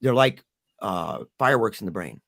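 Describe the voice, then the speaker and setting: Animated man retelling a hard story. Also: on the low side, moderate pace, vocal fry. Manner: animated, acts out quoted voices. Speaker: podcast guest. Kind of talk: emotional storytelling.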